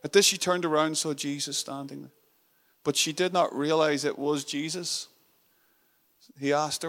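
A man preaching a sermon in an earnest, intimate way, repeating phrases for emphasis and dropping to a soft hush on tender moments. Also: on the high side, fairly even intonation, normal speed.

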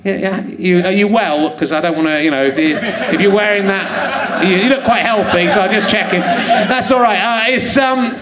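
Comedian guy ribbing the audience, lots of chuckling, loud crowd laughing around him in a big room. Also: high-pitched, normal speed, hardly any pauses. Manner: teasing, joking with the audience, often laughing. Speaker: comedian host. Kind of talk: live comedy podcast banter. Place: theatre stage with a live audience. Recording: echoey theatre with crowd laughter.

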